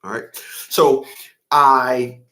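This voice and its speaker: A middle-aged man hosts a casual monologue straight to the camera. He talks in an animated, rambling way, cursing freely and often restarting his sentences. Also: medium pitch, extremely slow. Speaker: father's rights advocate and host. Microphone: camera facing the speaker.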